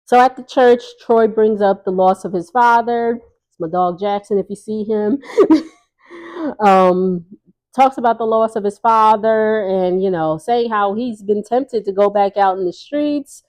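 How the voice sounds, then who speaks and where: A woman's voice: mid-range voice, measured pace, darkish tone. A woman casually recapping a reality TV episode in a chatty, sassy way, laughing often and acting out what people said.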